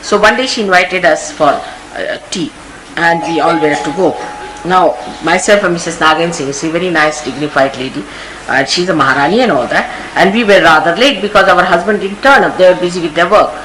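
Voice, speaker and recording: A woman's voice: on the low side, brisk, fairly bright tone, low-quality recording. A woman with an Indian English accent, a spiritual teacher giving a storytelling discourse that acts out the people she quotes. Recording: hissy archival 1980s tape recording.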